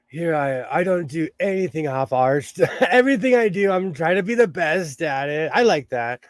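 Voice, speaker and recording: A man's voice: fairly high pitch, lively intonation, measured pace, no echo. A man hosting a casual sewing livestream, chatting, laughing often and reading viewer comments aloud. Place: home sewing room.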